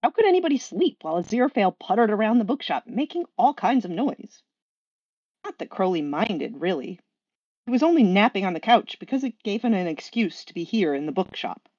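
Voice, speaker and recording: A woman reading her own story aloud at an online party, with an animated, expressive delivery. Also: medium pitch, fairly quick, no room sound, lo-fi sound. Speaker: fanfiction reader.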